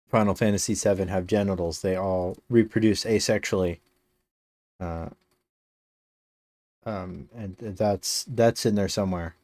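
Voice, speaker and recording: A man streaming a game and chatting with his viewers in a low, unhurried voice. He rambles, fills gaps with ums and uhs, and drops dry jokes. The sound is close and dry. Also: a little mellow, no room sound. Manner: rambling, dry joking with many fillers. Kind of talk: casual live-stream chat.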